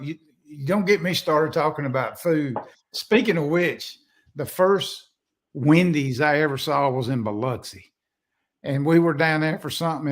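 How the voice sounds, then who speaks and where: An older man, a podcast guest telling folksy, rambling stories with many restarts. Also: fairly high pitch. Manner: folksy, rambling, self-interrupting. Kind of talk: casual storytelling.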